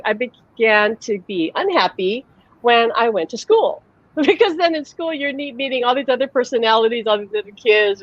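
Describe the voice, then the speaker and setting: A woman's voice: fairly high pitch, no echo, highs cut off. A woman who works as a psychic medium, hosting a live-streamed conversation and telling stories animatedly over a video call, laughing often.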